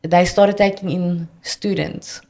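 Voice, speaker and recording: A South African woman, a debt counsellor guest, telling earnest, animated client stories in conversation. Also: lowish voice, slow pace. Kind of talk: conversational storytelling.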